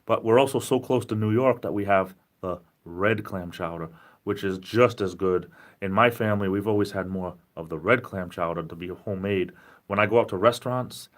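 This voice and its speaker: A man's voice: fairly low pitch, normal speed. A tired man with a Rhode Island accent, chatting casually on a livestream, rambling and upbeat with frequent laughs. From New England. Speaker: livestream host. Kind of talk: casual livestream chat reading viewer comments.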